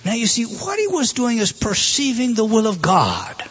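A man's voice: extremely high pitch, huge pitch swings, normal speed, a bit bright, slightly rough. A man preaching a sermon, talking straight to his congregation with frequent questions and emphatic rises and drops. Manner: rising and dropping emphatically, direct questions to the congregation.

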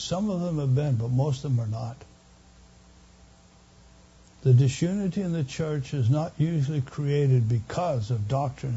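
An older man, a longtime pastor, preaching a sermon earnestly, rising loud on key phrases and dropping quiet again. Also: medium pitch, husky, dull audio.

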